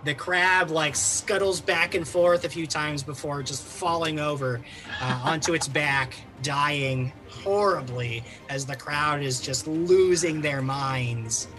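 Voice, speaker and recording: Game master, tabletop narration, animated, music playing behind. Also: medium pitch, takes it slowly. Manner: lively, animated narration with fillers.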